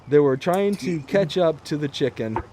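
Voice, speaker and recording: A man's voice: fairly high pitch, lively intonation, moderate pace, warm tone, slight background noise. A man hosting a farming game livestream, reading viewer comments aloud in a chatty manner and laughing often. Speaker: livestream host.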